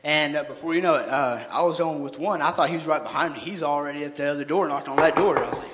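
Filling in for the pastor, a lay church member preaches an earnest, casual sermon in a church sanctuary, frequently restarting his sentences. His voice is fairly high and his pace quick. Heavy background noise and long church-hall reverb mark the recording.

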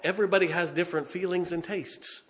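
A man, preaching a sermon in a folksy storytelling way, with punchy asides and slow, stressed points. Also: sits high, steady tone, fairly bright tone. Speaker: pastor. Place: church sanctuary. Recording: long church reverb.

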